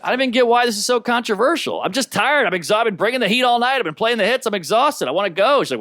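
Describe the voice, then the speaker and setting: A male stand-up comedian with a wry, deadpan, self-deprecating delivery, doing a comedy set. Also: very high voice, very fast, hardly any pauses. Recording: noisy recording of a comedy special.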